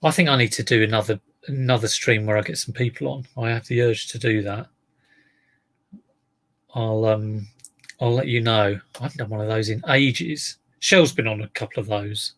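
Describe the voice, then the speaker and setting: A man's voice: fairly low pitch, normal speed, fairly bright tone. A man talking unhurriedly to his live-stream viewers in a rambling, chatty way.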